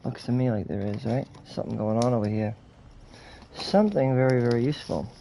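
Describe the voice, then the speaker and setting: A man's voice: medium pitch, a little fast, gravelly, mellow, poor audio. A male streamer giving casual commentary over a video game, full of jokes and a running mock rant laced with swearing. His voice sits mid-range, with faint noise in the background. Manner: profane, mock-ranting, joking. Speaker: gaming streamer.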